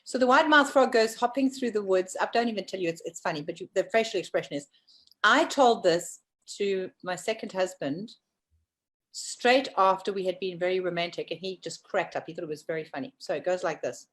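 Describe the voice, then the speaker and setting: A woman's voice: fairly quick, a bit bright. A middle-aged woman co-hosting a casual talk show, chatting and telling stories. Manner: chatty storyteller, doing squeaky voices for animals in a joke. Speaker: co-host. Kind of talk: casual chat.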